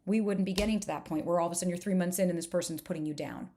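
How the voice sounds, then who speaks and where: A woman's voice: fairly low pitch, racing, dark tone. A woman coach walks through her dating program in a live workshop, talking straight and unfiltered, with the odd swear word. She keeps the pace going with strings of rhetorical questions aimed at her listeners. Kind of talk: live online workshop presentation.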